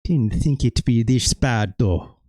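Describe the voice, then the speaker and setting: A man's voice: mid-range voice, slow pace, mellow, lightly acted. A man voicing a veteran male wrestler in a put-on Irish accent that slides into Scottish, reading game dialogue with exaggeration. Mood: gruff. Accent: put-on Irish drifting into Scottish. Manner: exaggerated, self-mocking read of game dialogue.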